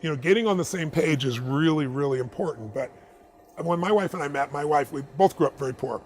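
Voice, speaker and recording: A man, a motivational speaker, answering interview questions with animated, laughing stories. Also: a little high. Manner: animated, fast, laughing storyteller.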